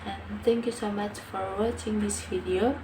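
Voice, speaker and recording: A woman's voice: medium pitch, fairly even intonation. A young woman, a university student carefully presenting word pronunciations for a class video. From Indonesia. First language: Indonesian. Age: young adult. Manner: careful, slow demonstration of pronunciations. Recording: distant mic with background noise.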